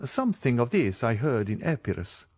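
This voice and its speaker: A man's voice: medium pitch, very animated, darkish tone, breathy edge, dry recording. A man reading as a courtly mysterious count. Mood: courteous. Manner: courteous, measured.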